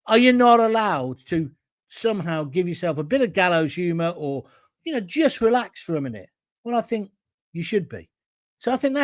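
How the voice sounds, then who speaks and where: Man, middle-aged, talk show host, blunt and combative, high voice, dry close sound. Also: dry recording. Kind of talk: opinionated solo talk show monologue.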